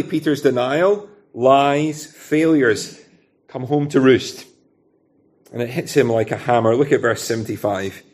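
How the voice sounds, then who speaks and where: A man's voice: mid-range voice, darkish tone. A man with a Scottish accent preaching an expository sermon in a conversational way, often asking rhetorical questions.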